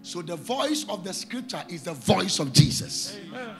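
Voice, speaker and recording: A man preaching a sermon, calling out to the congregation and rising into shouted, sing-song lines. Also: high-pitched, sing-song, normal speed, vocal fry, over music.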